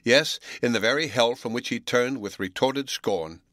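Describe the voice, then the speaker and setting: A man's voice: lowish voice, moderate pace, fairly bright tone, dry recording, clean studio sound, close to an everyday voice. A man voicing a proud, spirited young Swiss woman who argues earnestly and defiantly. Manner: earnest, defiant, rising emphasis.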